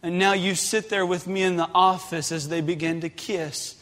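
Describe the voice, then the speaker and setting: A man preaching a sermon, passionate and rising to shouted pleas. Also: high-pitched, fairly even intonation, normal speed. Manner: impassioned, builds to shouted pleas. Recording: long hall reverb.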